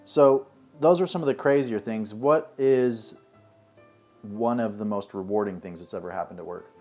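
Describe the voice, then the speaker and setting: A man's voice: on the low side, moderate pace, darkish tone, faint music behind. A man hosting an interview, asking his guest questions in an easygoing way.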